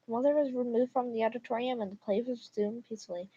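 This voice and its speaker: A woman's voice: a little high, fairly even intonation, fast, dark tone, husky. A woman streamer reading stories aloud and reacting casually, with emphatic remarks. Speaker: livestreamer. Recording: dull lo-fi mic.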